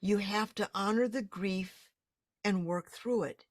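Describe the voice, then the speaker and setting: A woman hosting an interview, speaking in a warm, affirming and thoughtful way. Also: mid-range voice, unhurried, no room sound, clean studio sound. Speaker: podcast host. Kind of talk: interview conversation.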